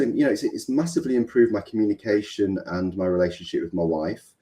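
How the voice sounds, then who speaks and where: Male, middle-aged, Mancunian, deep voice, warm tone, hesitant interview guest. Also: quick pace. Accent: Mancunian English. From England. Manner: rambling, hesitant, many ums and restarts. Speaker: business coach, guest. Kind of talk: interview conversation.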